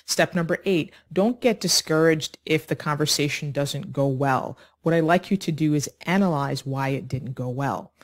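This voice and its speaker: A woman teaching an online English lesson, speaking slowly and clearly in an encouraging way. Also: low voice. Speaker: ESL teacher.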